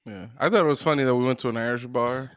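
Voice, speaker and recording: Speaking fast at a medium pitch, this podcast co-host keeps the casual chat relaxed, rambling and full of profanity. The recording is dry.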